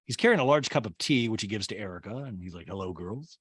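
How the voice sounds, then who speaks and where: A man hosting a comedic podcast recap of a reality show, snarky and animated, with quick asides. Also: on the low side, breathy edge, dry recording, studio quality. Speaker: podcast host.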